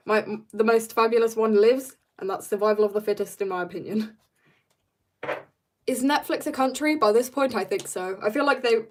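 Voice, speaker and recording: A teenage girl from South Africa, a little husky from being ill, rambling playfully as she greets viewers and chats while drawing on a live stream. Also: mid-range voice. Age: teens. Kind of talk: casual live-stream chat.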